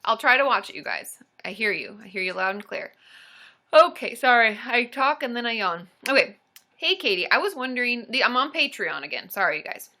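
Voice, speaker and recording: A bubbly, excitable woman hosts a casual livestream, chatting with viewers. Her voice is bright, fairly high, and lively, climbing and dipping as she cheers the chat on. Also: a little fast. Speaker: livestream host and counselor.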